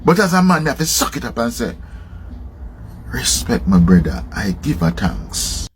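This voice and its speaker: A man with a Jamaican accent from Jamaica, telling a travel story in casual patois with lively emphasis. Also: medium pitch, normal speed, a little hiss or hum. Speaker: traveler sharing his story.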